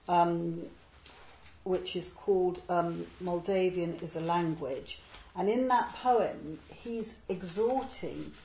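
A woman, a literary translator, explaining a poet's life in a digressive way and reading verse slowly and deliberately. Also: fairly low pitch, gravelly, dark tone, roomy sound, low-quality recording. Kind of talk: talk on poetry with a verse reading.

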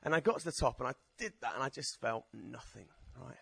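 A man's voice: mid-range voice, lively intonation, fairly quick, vocal fry, fairly bright tone, slightly rough, dry recording. Chatty self-mocking man. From Essex, England. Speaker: stand-up poet. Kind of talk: stand-up comedy with poetry performance.

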